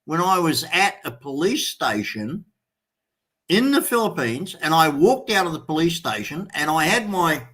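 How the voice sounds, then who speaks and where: A man's voice: a little high, normal speed. A man hosting a live stream, telling a story in a casual way and acting out the other people in it. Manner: animated storyteller acting out quoted voices. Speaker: show host.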